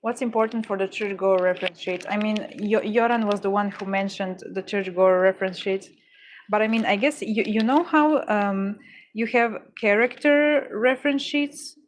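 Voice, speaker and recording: A woman's voice: mid-range voice, fairly even intonation, moderate pace, slight background noise. Woman, casual crafting stream chat, chatty, jumpy, laughs a lot, restarts her sentences. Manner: chatty, easily startled, laughing, self-correcting. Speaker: crafting livestreamer. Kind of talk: casual chat while working.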